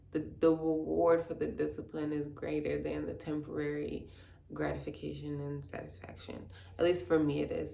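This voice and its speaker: Young woman, deep gravelly voice, laid-back wellness vlogger, faint room echo. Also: a little hiss or hum. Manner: relaxed, slangy, soft-spoken, drifts into near-whisper. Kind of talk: casual guided talk and meditation.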